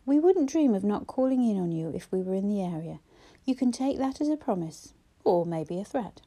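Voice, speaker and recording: A woman reading a sharp-tongued young woman. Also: mid-range voice, sing-song. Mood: brisk. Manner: quick, teasing banter. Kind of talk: audiobook character voice.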